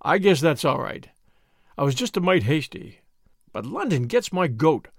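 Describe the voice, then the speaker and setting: A man's voice: on the high side, big pitch swings, normal speed, vocal fry, husky, dry recording, clean studio sound, heavily acted. A man voicing a brash, impatient businessman in his thirties with an American accent. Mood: blunt. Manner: blunt, impatient.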